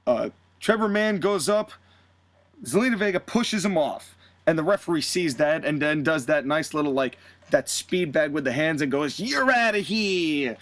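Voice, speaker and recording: A man co-hosting a podcast, recounting a booked wrestling show in casual, animated storytelling and dropping into quick voices for the people he quotes. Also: on the high side. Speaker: podcast co-host.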